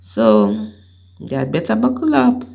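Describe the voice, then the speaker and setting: A woman hosting her commentary channel, speaking slowly and ominously. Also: sits low, huge pitch swings, creaky, highs cut off. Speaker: channel host. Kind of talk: dramatic commentary narration.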